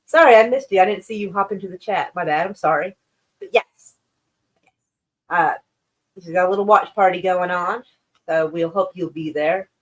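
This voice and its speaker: A woman's voice: on the low side, fairly even intonation, moderate pace, pauses often. A woman hosting a live stream and chatting casually with her viewers. She rambles, gushes over the chat and swears freely. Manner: effusive, profane, rambling.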